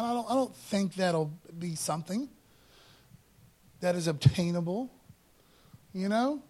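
High-voiced man preaching casually. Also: expressive, darkish tone. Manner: casual preaching, often says "man" and "you know"; reads scripture slowly and emphatically. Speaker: pastor. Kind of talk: sermon.

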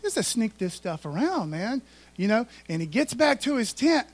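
A man's voice: high-pitched, big pitch swings, normal speed. A man preaching a sermon in a folksy, conversational way, full of asides to the congregation. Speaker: pastor.

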